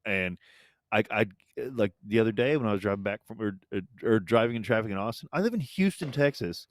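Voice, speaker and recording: Low-voiced hesitant man in his forties. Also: animated, fairly quick, dry recording, studio quality. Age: 40s. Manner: low-key and hesitant, full of fillers. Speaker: podcast co-host. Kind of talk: casual chat.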